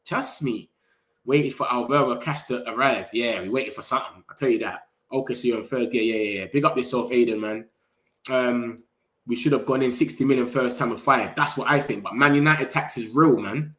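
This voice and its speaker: A young man runs a casual live stream. He talks fast and slangy straight to the people in his chat and gets excited easily. His voice sits at a middle pitch. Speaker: football livestream host.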